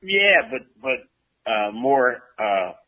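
Slow-talking man on a tinny line. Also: medium pitch, sing-song. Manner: slow, drawn-out storytelling with fillers. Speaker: radio co-host. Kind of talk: casual radio chat. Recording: tinny phone-like radio line.

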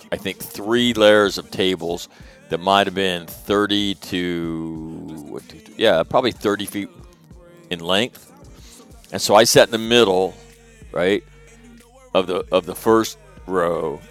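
Rambling, profane radio host, low voice. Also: male voice, unhurried, faint music behind. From Northern California. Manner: rambling, profane, animated quoted asides. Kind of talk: casual storytelling monologue.

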